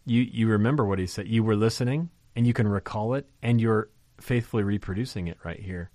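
A man teaching from a scripture passage in a conversational but emphatic way, often pausing to ask rhetorical questions. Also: fairly low pitch, dark tone, no echo, clean studio sound. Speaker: Bible teacher.

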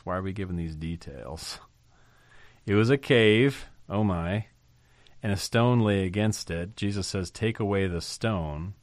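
A man's voice: on the low side, no room sound. Man preaching with rhetorical questions. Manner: animated, rhetorical questions, swings between loud and soft. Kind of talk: sermon.

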